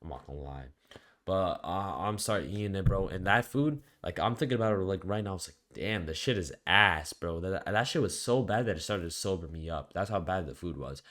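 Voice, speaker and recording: Young man, low-pitched, casual storytime, rambling, slangy, profane. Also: expressive, brisk. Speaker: storytime vlogger.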